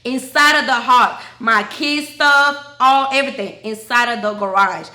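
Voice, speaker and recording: Woman, 20s, candid vlogger, bright high voice, echoey room. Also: a little slow. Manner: emphatic, addresses viewers as y'all, swears freely. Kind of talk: candid storytelling to camera.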